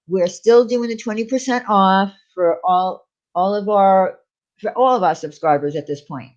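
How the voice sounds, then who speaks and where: A woman's voice: medium pitch, moderate pace, darkish tone, lo-fi sound. A woman hosting a casual livestream, talking in a rambling way with lots of fillers and restarts. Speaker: channel host.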